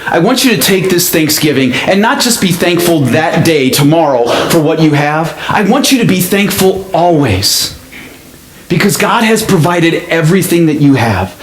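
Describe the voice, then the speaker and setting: A male pastor telling a story in a sermon, with an expressive delivery that speeds up and slows down. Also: fairly high pitch, a little hiss or hum. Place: church sanctuary. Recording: echoey church sanctuary.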